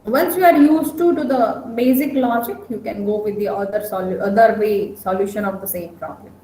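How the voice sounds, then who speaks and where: A woman's voice: medium pitch, moderate pace, mellow. A woman teaching a programming class online, often stopping to check whether students follow. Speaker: programming lecturer. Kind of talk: online lecture. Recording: echoey room, faint noise.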